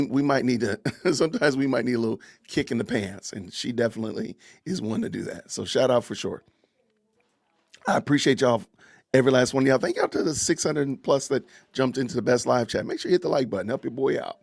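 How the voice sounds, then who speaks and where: Family noises drift from the kitchen as this middle-aged podcast host, speaking with a drawl, runs a loose, casual livestream at home and laughs often with viewers. His voice sits in the mid range, gravelly and a bit husky. The recording is dry and close, with no room sound.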